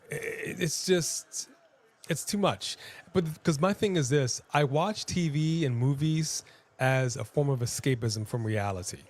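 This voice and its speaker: A man co-hosting a live watch-along stream, talking casually and rambling with frequent restarts. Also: medium pitch.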